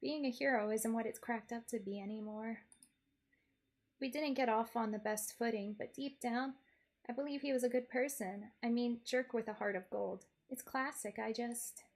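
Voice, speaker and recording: A woman's voice: a little high, moderate pace. A woman streamer narrating a game in character, in a wry, playful first-person storytelling manner.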